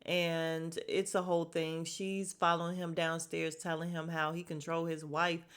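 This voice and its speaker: A smooth, low, unhurried voice belongs to a young woman podcaster recapping a reality show. Her chat is casual, blunt, and gossipy, with plenty of swearing and animated impressions when she quotes cast members.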